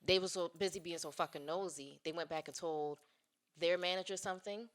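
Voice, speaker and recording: A woman's voice: on the low side, a little fast. A woman on a casual podcast, telling a workplace story in a blunt, profane way. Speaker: podcast co-host.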